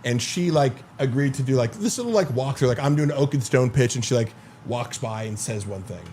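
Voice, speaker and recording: A man's voice: mid-range voice, animated, a little fast, darkish tone, a little hiss or hum. Rambling profane man telling stories. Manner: rambling storyteller, heavy filler 'like', profane. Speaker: podcast host. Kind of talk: casual chat.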